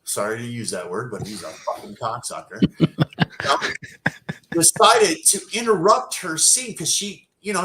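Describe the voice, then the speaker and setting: A man telling a long profane story as a podcast guest, loud and animated. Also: mid-range voice, roomy sound, rough recording. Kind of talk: casual storytelling.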